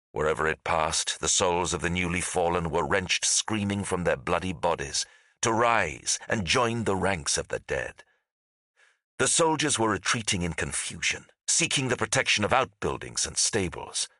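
A man narrating a fantasy audiobook in a dramatic, lively storytelling manner. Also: low voice, moderate pace, no room sound, clean studio sound. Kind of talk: scripted narration.

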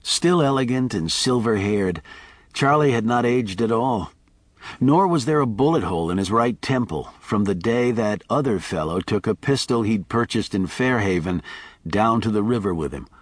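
A man narrating an audiobook in a measured, expressive reading. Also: lowish voice, no room sound.

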